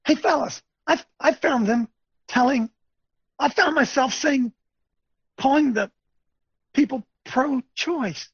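A man hosting a webcast, delivering a preachy, ranting commentary, repeating himself emphatically and swinging between loud bursts and low muttering. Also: slow, long pauses, husky, no echo. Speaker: webcast host. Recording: dull lo-fi dry recording.

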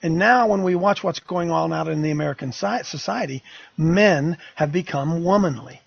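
A man's voice: fairly high pitch, normal speed, creaky, breathy edge, no room sound, dull audio. An older man hosting a talk radio show, fiery, emphatic and rambling.

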